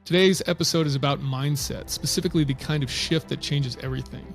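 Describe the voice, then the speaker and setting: A man's voice: fairly high pitch, fast, vocal fry, soft background music. A man hosting a podcast, introducing the episode and asking conversational, probing questions. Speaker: podcast host.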